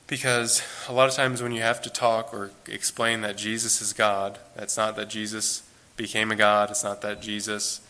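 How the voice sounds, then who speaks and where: A man's voice: fairly low pitch, level tone, normal speed, few pauses, sharp tone. A man giving an informal, earnest Bible teaching, talking conversationally and repeating phrases for emphasis.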